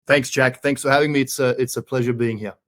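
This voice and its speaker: A man's voice: mid-range voice, steady tone, quick pace, no echo, clean studio sound. A man in his thirties from Australia with an Australian accent, a jokey, chatty interview guest who keeps saying "mate". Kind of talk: casual interview talk.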